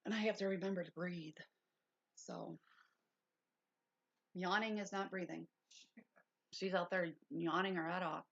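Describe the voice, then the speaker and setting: A woman's voice: on the low side, steady tone, measured pace, creaky, pauses often, fairly bright tone, highs cut off. A woman hosting a casual livestream lesson, reading notes aloud and breaking off into chatty asides. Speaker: livestream host.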